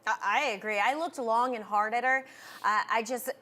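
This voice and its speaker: A woman's voice: on the high side, fairly even intonation, moderate pace, pushed and bright. A woman co-hosting a horse racing show, giving thoughtful, agreeable handicapping opinions in casual chat. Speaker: racing analyst co-host. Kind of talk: casual betting analysis chat.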